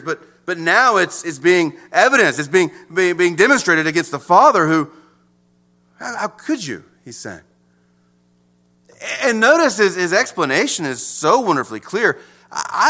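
A male pastor with a high, bright voice delivers a sermon. His pitch swings widely, and he moves from emphatic lines to hushed ones.

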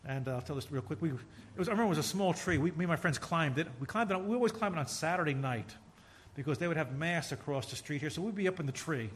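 A middle-aged male preacher delivering a sermon, telling stories with sudden loud emphasis and bursts of laughter. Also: on the high side, lively intonation, fast talker, a little hiss or hum.

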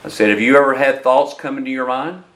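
A man's voice: mid-range voice, fast talker, a bit bright. A man preaching a sermon who keeps asking the congregation questions.

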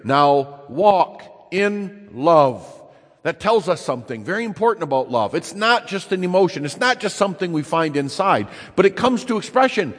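A man preaching a sermon, emphatic, repeating key phrases and slowing down to stress them. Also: on the high side, a bit bright, slightly rough. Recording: long reverb in a large hall.

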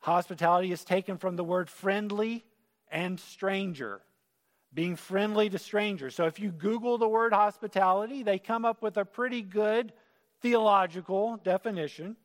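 A man's voice: sits high, normal speed. A man preaching a sermon in an auditorium, earnest and conversational. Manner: earnest, conversational, with acted quotes. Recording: reverberant hall.

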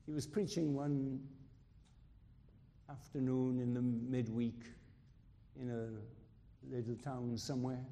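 A man preaching a sermon with emphatic rises and dramatic pauses, acting out quotes. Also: medium pitch, creaky, dark tone. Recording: reverberant hall.

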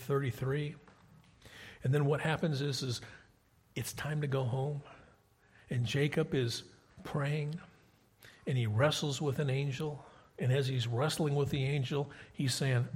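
A man preaches in a husky, slightly breathy voice, retelling an old story in plain conversational words. He keeps turning to the congregation with questions, mid-pitched and steady. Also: normal speed, big-room sound. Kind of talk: sermon.

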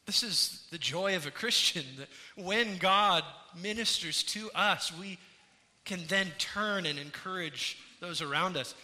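A pastor preaches to his congregation, earnest and rising and falling in intensity. His voice sits high and is bright and forceful, delivered unhurriedly, and the church hall gives it a long reverb.

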